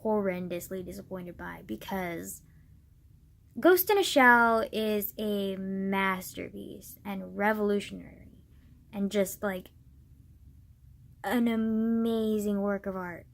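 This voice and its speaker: A woman's voice: mid-range voice, slow pace, vocal fry. A young woman talking casually to camera as a vlogger, rambling with lots of "like" and swearing, getting worked up at times. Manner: rambling, heavy use of "like", swearing, gets worked up.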